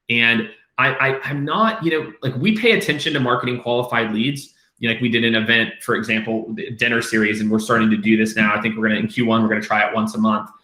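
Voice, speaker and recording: Male host, 30s, loose rambling Q&A delivery, crisp bright tone, roomy echo. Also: mid-range voice. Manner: rambling, lots of fillers and restarts, casual swearing. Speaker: host answering viewer questions. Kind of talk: casual live Q&A. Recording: echoey room.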